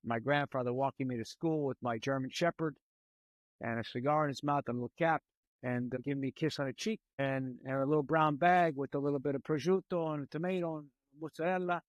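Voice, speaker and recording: A man speaks earnestly in a relaxed panel chat, stumbling and repeating words as he goes. His voice is of middle pitch. The sound is dry and close to the mic. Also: brisk, dry recording. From New York, USA. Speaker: guest, film director. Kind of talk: casual panel conversation.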